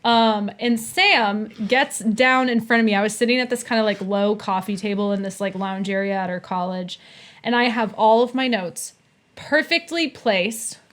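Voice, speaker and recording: Animated young woman telling a story. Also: medium pitch, normal speed. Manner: animated, laughs often, acts out quoted voices. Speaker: podcast guest. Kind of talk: casual storytelling.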